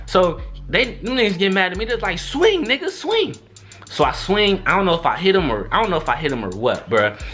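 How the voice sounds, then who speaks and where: Animated young man telling a story. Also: fast talker, soft background music. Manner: animated, slangy, acts out quotes with big pitch jumps. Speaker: vlogger. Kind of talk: storytime monologue.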